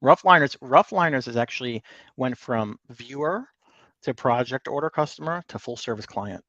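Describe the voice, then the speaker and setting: A man's voice: mid-range voice, animated, normal speed, a bit bright, no echo, muffled recording. Chatty man reading viewer comments. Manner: chatty, joking, reads viewer comments aloud. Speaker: livestream co-host. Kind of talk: casual livestream chat.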